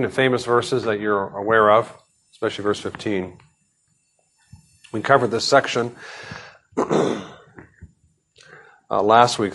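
Man preaching a measured sermon. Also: medium pitch, a bit bright. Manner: measured preaching with prayers and scripture reading. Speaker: pastor.

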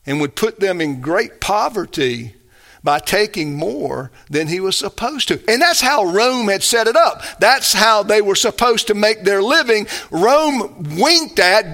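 A man's voice: sits high, bright, forceful tone. A man preaching a sermon, earnest and emphatic, building to rising bursts. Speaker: pastor.

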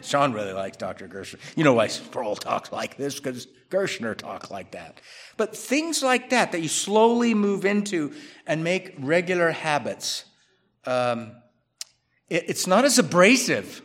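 A man preaching a sermon as a pastor, talking conversationally, rising to loud emphatic bursts, dropping to quiet asides, and acting out quoted people. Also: fairly high pitch, big pitch swings, a little slow. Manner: acts out quoted people in his own voice.

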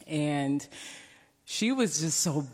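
A woman's voice: sits low, lively intonation, very slow, darkish tone. A woman gives an earnest, reflective funeral tribute in a chapel. Her speech trails off into a long hall reverb. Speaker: eulogy speaker. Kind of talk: funeral eulogy.

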